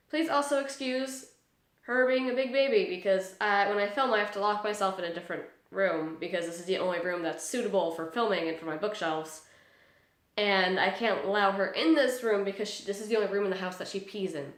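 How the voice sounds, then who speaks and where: A woman's voice: medium pitch, a little fast, a bit bright, reverberant. A woman, vlogging in a chatty, upbeat way and sounding nasal and congested from allergies. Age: 20s. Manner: chatty and upbeat, rambling asides. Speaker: book vlogger. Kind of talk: casual vlog talk. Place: small room at home.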